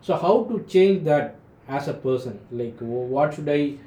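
Mellow interviewer in an echoey room. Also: mid-range voice, animated, a little slow. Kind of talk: interview questions. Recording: echoey room, faint noise.

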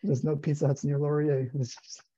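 A man co-hosting a livestream, reading a story aloud in a low-key, gravelly way and chatting casually. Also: flat delivery, normal speed, dark tone, highs cut off.

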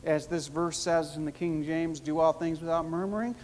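A pastor preaching a sermon, emphatic and repetitive, with wide swings in pitch and loudness. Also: fairly even intonation, normal speed. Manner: emphatic, repeats key phrases, big swings in pitch and loudness. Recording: long hall reverb with faint noise.

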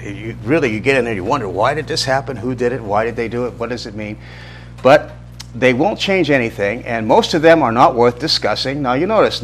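A man's voice: mid-range voice, a bit bright, a little hiss or hum. A middle-aged man teaching an informal church Bible class, talking conversationally, asking the class questions and often restarting his sentences.

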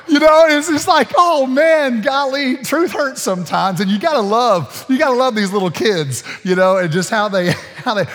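In a church sanctuary that sounds like a large hall, a pastor with a high, slightly bright voice delivers a sermon. His style is casual and folksy, full of restarts, chuckles and asides to the congregation.

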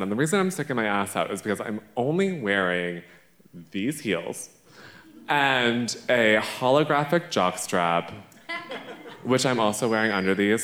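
A man's voice: mid-range voice, expressive, normal speed, fairly bright tone. A man, a drag performer, telling a playful, brash and profane story live on a theater stage. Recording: echoey theater stage recording.

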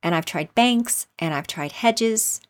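A woman voicing a suspicious mother pigeon who scolds in a shrill, contemptuous voice, in a storybook reading. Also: expressive, slow pace. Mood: shrieking. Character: shrieking, suspicious mother pigeon guarding her eggs.

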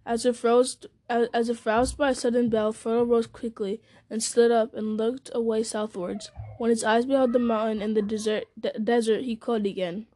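A woman narrating a fantasy novel aloud in a steady, measured storytelling manner. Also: on the high side, no echo. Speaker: audiobook narrator.

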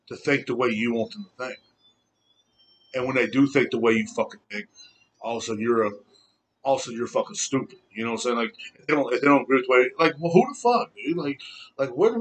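A man's voice: mid-range voice, a bit bright, breathy edge. A man in his thirties hosting a podcast, ranting heatedly and rambling, swearing often. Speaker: podcast host. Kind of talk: casual rant.

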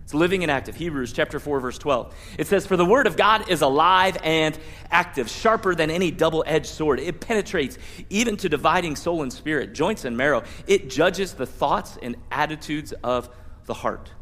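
A man preaching a sermon as pastor, animated, playfully acting out prayers and Bible scenes. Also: fairly high pitch, normal speed, in a large hall.

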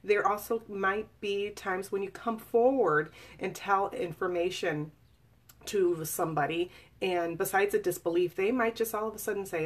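A woman's voice: lowish voice, normal speed. A woman in her forties sharing a personal story in an earnest, confiding way, speaking casually with fillers and restarts. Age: 40s. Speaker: author reading and discussing her memoir. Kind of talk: personal testimony, casual live talk.

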